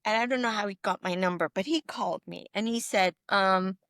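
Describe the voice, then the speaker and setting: A middle-aged woman physician telling stories in a podcast interview, animated and emphatic, often checking in with her listener. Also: medium pitch, a little fast, no room sound, studio quality. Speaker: physician guest.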